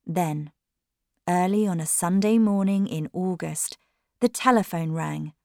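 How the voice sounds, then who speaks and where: A woman narrating an audiobook in a measured, expressive way. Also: fairly low pitch, gravelly, no room sound, studio quality. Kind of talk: audiobook reading.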